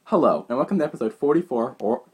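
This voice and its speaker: A woman's voice: very deep voice, expressive, fast talker, noisy background. A woman co-hosting a podcast in casual chat, giggling and fumbling her lines. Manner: giggly, keeps fumbling the intro. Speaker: podcast co-host.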